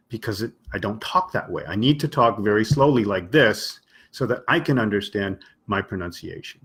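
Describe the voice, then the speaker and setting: A man's voice: on the low side, expressive, normal speed, a bit bright, husky. A man teaching English on a live stream, explaining patiently and acting out short example dialogues for his listeners.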